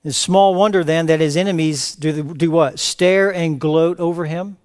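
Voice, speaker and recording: A man preaching a verse-by-verse sermon as pastor, reading scripture aloud with rising emphatic cries and then dropping to quiet asides. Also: a little high, steady tone, normal speed, clean tone. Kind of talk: expository sermon. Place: church sanctuary.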